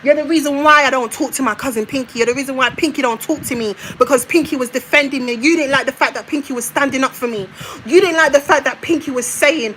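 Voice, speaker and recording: A woman's voice: sits high, fast, fairly bright tone, a little hiss or hum, poor audio. A woman, venting to her viewers in a confrontational rant, repeating herself as she speaks directly to her mother. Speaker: vlogger.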